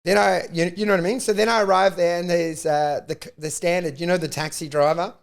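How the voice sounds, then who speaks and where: An Australian man spins a profane, rambling comic anecdote on a podcast. His voice sits high for a man, with a gravelly, fry-laden edge running under the swearing. He rants with animated, punchy energy. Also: a little fast. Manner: profane, animated, rant-like storytelling. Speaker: comedian podcast host. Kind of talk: casual comedic storytelling.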